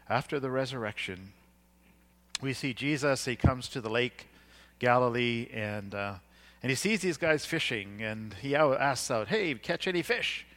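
A man's voice: medium pitch, a bit bright. A man preaching a sermon, retelling scripture in everyday words with fillers and restarts.

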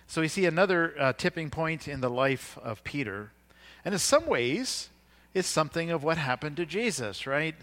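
A man's voice: fairly high pitch, big pitch swings, normal speed, a bit bright. A man preaching a sermon, retelling scripture in everyday words with fillers and restarts.

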